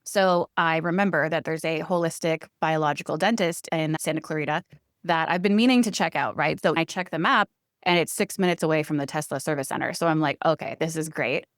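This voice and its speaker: A woman telling a story on a podcast, animated and quick to laugh. Her voice sits low and smooth, and the sound is close and dry with no room around it. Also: dry recording. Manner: animated storyteller, laughs often, acts out quoted lines. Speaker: podcast co-host. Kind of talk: casual storytelling chat.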